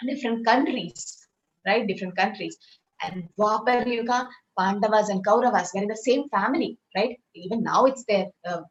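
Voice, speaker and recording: A woman's voice: mid-range voice, dull audio. A woman from India, teaching a scripture class in a conversational way and often checking with "right?".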